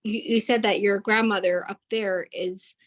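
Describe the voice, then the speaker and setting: Host, woman, even and flat delivery, polite, gentle interjections. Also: mid-range voice, moderate pace. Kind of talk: hosting a talk.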